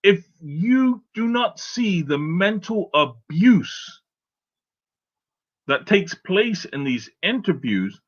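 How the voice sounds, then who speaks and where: A man's voice: high-pitched, very animated, slow pace, a bit bright. A man co-hosting a casual opinion chat, emphatic, often checking in with "right?". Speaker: podcast co-host. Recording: dull lo-fi sound.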